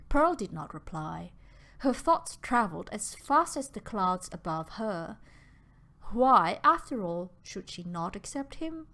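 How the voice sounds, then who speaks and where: Slow, soft-spoken woman audiobook narrator. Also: medium pitch, big pitch swings.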